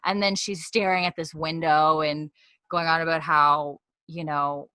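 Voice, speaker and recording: A woman's voice: low voice, little pitch movement, measured pace, bright, forceful tone, no echo. A young woman co-hosting a podcast, recapping a TV episode in a rambling, chatty way with frequent laughs. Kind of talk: casual chat.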